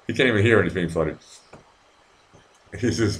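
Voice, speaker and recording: Middle-aged guy rambling on his live stream, lowish voice, keeps stumbling and repeating himself. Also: expressive, moderate pace, long pauses, fairly bright tone. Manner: loose, meandering, stammers and repeats words, swears freely. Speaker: live show host.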